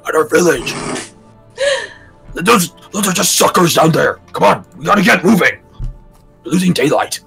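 A man voicing a tiny, curious mushroom creature that asks excited questions in a raised voice. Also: fairly high pitch, normal speed, vocal fry, long pauses, breathy edge, faint music behind, voice pushed up, heavily acted. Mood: urgent.

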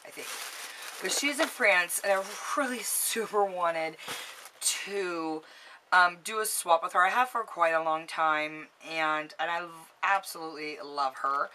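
A woman's voice: lowish voice, sharp tone, low-quality recording. A woman chatting casually to a camera about makeup and gifts, bubbly and gushing. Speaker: beauty vlogger. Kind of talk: casual haul chat to camera.

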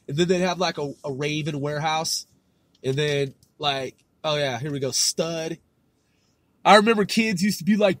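A man's voice: fairly high pitch, animated, a little slow, dry recording. A man in his thirties hosting a solo podcast, rambling in loose, profane slang and laughing at himself as he reads things aloud. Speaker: podcast host.

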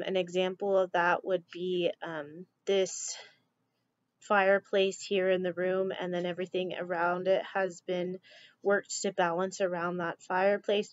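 Woman teacher with a lowish voice. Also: unhurried, no room sound. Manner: relaxed, chatty, frequent ums. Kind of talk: classroom slideshow lecture. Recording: dull lo-fi dry recording.

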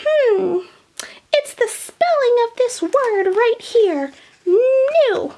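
A woman voicing a cheerful, curious old grandma in a high, sing-song voice for a storybook reading. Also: expressive, drawn-out words, dark tone, exaggerated voice. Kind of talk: storybook puppet voice.

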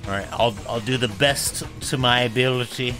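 A man's voice: medium pitch, moderate pace, over music. Rambling young man streaming a game. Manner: rambling, joking, with stammered restarts. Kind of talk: casual game commentary.

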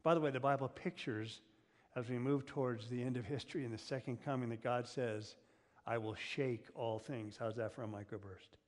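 A man preaching to his congregation, middle pitched and easygoing. He cracks jokes and pulls the listeners in with questions. The sound trails off in the long echo of a church sanctuary. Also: steady tone, moderate pace, darkish tone. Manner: humorous, asks the congregation questions. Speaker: pastor. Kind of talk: sermon. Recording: long reverb of a church hall.

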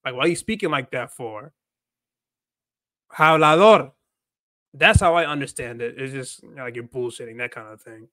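A man's voice: mid-range voice, quick pace, few pauses, fairly bright tone, no room sound, studio quality. A man hosting a casual livestream, rambling and repeating himself while mixing in Spanish phrases. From United States. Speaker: livestream host, language learner.

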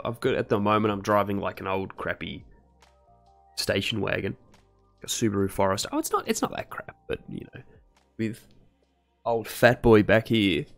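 A young man chatting casually with his live-stream chat while he studies medicine. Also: lowish voice. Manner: casual, chatty, laid-back slang.

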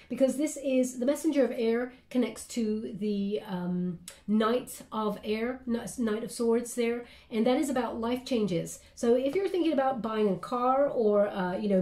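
Woman tarot reader, higher-pitched and mellow, rambling and chatty, recorded in an echoey room. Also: normal speed, few pauses. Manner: chatty and meandering, often checking in with "okay?". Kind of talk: casual spoken tarot reading. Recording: roomy echo.

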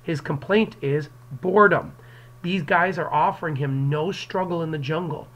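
A man's voice: on the high side, normal speed, fairly bright tone, poor audio. A male English teacher giving a recorded classroom lecture to his students on an external microphone, explaining the story and acting out quotes from it. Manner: explanatory, addresses students directly, acts out quotes.

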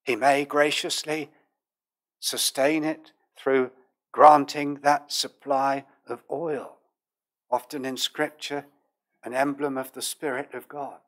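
Slow, earnest preacher. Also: male voice, mid-range voice, flat delivery, fairly bright tone. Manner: measured, earnest preaching with King James phrasing. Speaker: pastor. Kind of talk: sermon.

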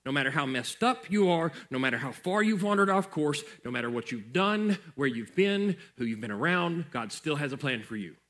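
A man's voice: a little high, expressive, normal speed, few pauses, a bit bright. Preaching man, repetitive and earnest. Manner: conversational preaching, repeats phrases for emphasis. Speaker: pastor. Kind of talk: sermon.

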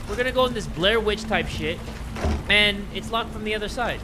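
A man commenting on a horror game he plays, joking, swearing and yelling in panic at the scares. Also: high voice, a little fast, background noise. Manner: excitable, screams and yells at jumpscares; jokey, swears a lot. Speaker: gaming YouTuber.

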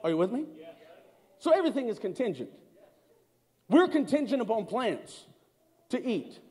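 A man preaching a sermon as pastor, calling out to his congregation, swinging between loud emphatic lines and slow, quiet ones. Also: very high voice, sing-song, slightly rough. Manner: call-and-response with the congregation. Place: large church hall. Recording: long church reverb.

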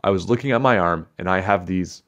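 A man's voice: deep voice, brisk, fairly bright tone, lo-fi sound. Man doing an earnest, worried schoolboy.

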